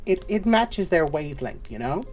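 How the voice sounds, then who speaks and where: A woman's voice: deep voice, sing-song, moderate pace, a little mellow, soft background music, voice pushed up. A woman voicing a chatty, fussing female guild receptionist who calls everyone doll and sweetie. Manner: fussy and doting, calls people doll, sweetie and babe.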